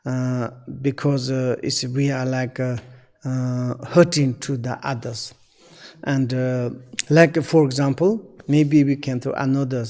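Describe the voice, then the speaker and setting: A man giving a Dharma teaching in halting, non-native English. He pauses often with fillers while searching for words. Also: medium pitch, gravelly, a little mellow, in a large hall. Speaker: Buddhist teacher.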